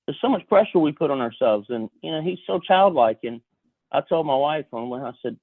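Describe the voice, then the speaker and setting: A man tells a story in a folksy, animated way, his pitch rising and falling freely. His voice is a little husky. The audio is thin and phone-like, with a dry sound. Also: a little fast, no echo. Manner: animated, folksy, self-interrupting. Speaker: podcast guest. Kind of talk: casual storytelling.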